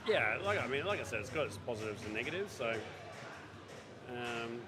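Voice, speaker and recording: A man's voice: medium pitch, very animated, moderate pace, noisy background. A man commentating a pinball competition in a casual, hesitant way with many ums. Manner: chatty, hesitant with frequent ums. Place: pinball club. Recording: music playing loudly behind.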